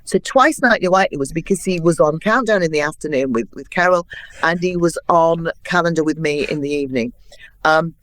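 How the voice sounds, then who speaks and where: A woman in her sixties, a guest in an interview, telling anecdotes in a lively way and acting out what others said. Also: sits low, fairly quick, no echo. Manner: lively anecdotal storyteller, acts out quotes. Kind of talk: interview storytelling.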